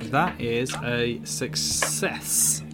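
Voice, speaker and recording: A man's voice: mid-range voice, drawn-out words, over music. A man running a tabletop horror game as game master, narrating in a loose, rambling, self-mocking way. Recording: noisy background.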